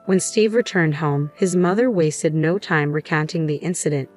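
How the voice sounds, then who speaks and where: Woman, story narrator, low pitch, measured reading, faint music bed. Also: darkish tone. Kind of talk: first-person story narration.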